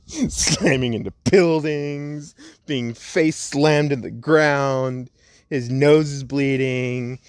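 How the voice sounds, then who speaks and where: At home, a young man with a mid-range voice casually narrates a fan story, rambling and laid-back, slowing down for the dramatic parts. The recording is dry.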